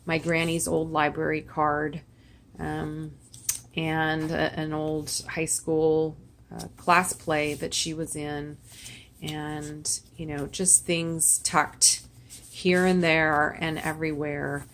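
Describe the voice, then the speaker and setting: A woman's voice: low voice, little pitch movement, takes it slowly, fairly bright tone, a little hiss or hum. A woman in her sixties giving a chatty, sentimental show-and-tell of a handmade memory book, with rambling asides. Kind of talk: casual show-and-tell vlog.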